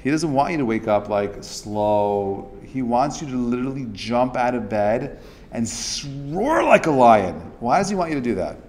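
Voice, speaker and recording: A man's voice: medium pitch, animated, moderate pace, darkish tone, a little hiss or hum. Chatty man teaching a class. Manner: chatty, many fillers and restarts, acts out quotes. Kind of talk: casual interactive class talk.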